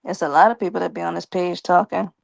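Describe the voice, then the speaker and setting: Woman, live-stream host, playful teasing chat, gravelly voice, dry close sound. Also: on the low side, fairly even intonation, fast, dry recording. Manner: playful and teasing, laughs often. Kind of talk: casual live-stream chat reading comments aloud.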